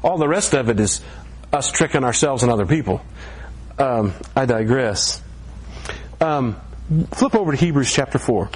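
A man's voice: medium pitch, animated, moderate pace, long pauses, slightly rough. A middle-aged man preaching a sermon in a church, talking in a conversational way and lifting his voice for emphasis. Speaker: pastor. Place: church sanctuary.

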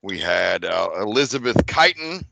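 A man's voice: fairly low pitch, very animated, normal speed, gravelly, pushed and bright, no room sound. A man hosting a movie podcast, running through the cast and credits in a laid-back, profane casual chat. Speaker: podcast host.

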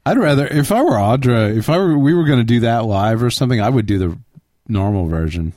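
A man's voice: medium pitch, expressive, fairly quick, warm tone, dry recording, studio quality. A man co-hosting a casual live podcast, teasing the others. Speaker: podcast co-host.

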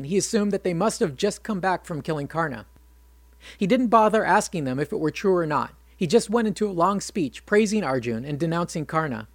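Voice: medium pitch, dry recording. Dry, wry casual storyteller. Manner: wry, conversational asides. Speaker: storyteller retelling an epic. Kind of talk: casual retelling with commentary.

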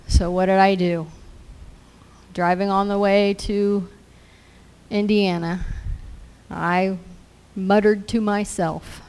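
A woman's voice: medium pitch, steady tone, slow, pauses often, clear, resonant tone. A woman preaching a sermon in an earnest way, repeating scripture lines as declarations.

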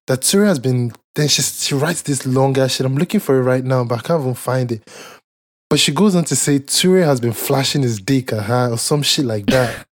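In casual podcast chat, the co-host spins rambling, foul-mouthed stories packed with fillers and laughter. His voice is mid-range and his speed normal.

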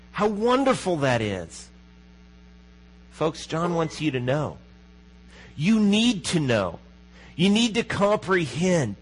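Man, pastor, sermon, conversational, rhetorical questions, hushed emphasis. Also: mid-range voice, husky, rough recording. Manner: conversational preaching, asks the congregation questions.

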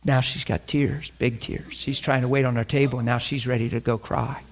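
A man's voice: mid-range voice, little pitch movement, moderate pace. A middle-aged man preaching a sermon, telling a story and acting out the dialogue.

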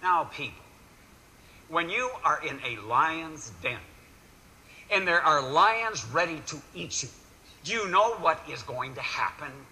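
A male pastor giving a lively sermon, acting out voices and swinging between loud and quiet. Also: a little high, a little slow, slight background noise, low-quality recording.

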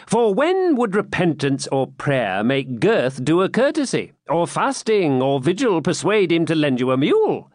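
A man's voice: a little high, huge pitch swings, measured pace, hardly any pauses, a little mellow, no room sound, clean studio sound, voice pushed up. A man voicing a witty jester who teases with a sly manner. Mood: mocking. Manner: sly, teasing. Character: witty mocking male jester.

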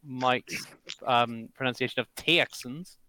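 A man's voice: mid-range voice, takes it slowly, sharp tone, rough recording. A young man chatting with friends on a call, stammering and giggling as he explains. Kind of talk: casual group chat over voice call.

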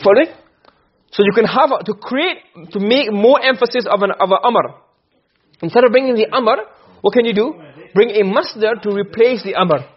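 A man teaching Arabic grammar in a classroom lesson, quizzing his students as he goes and reading Arabic text before explaining it. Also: high voice. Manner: quick, questioning, reads Arabic text then explains. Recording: dull lo-fi recording.

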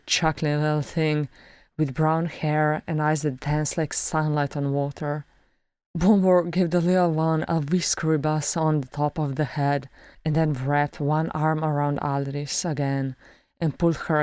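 Low, unhurried woman narrator reading fan fiction, close and dry. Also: clean tone, dry recording. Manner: slow, even storytelling. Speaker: audiobook reader. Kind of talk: fan fiction read-aloud.

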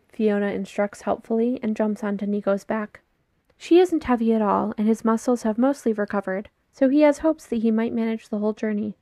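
A woman's voice: medium pitch, fairly quick, dark tone, dry recording, clean studio sound. A woman reading a story aloud as narration, telling it steadily and lightly voicing the characters. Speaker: podfic reader. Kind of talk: scripted narration.

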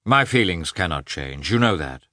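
A man's voice: sits low, sing-song, normal speed, bright, forceful tone, dry recording, clean studio sound, exaggerated voice. A man voicing an anxious young nobleman who earnestly entreats his lover. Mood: pleading.

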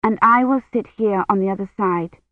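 A woman voicing a firm, caring young woman who speaks sternly and gently. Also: mid-range voice, normal speed, no room sound, natural voice. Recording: tinny phone-like line.

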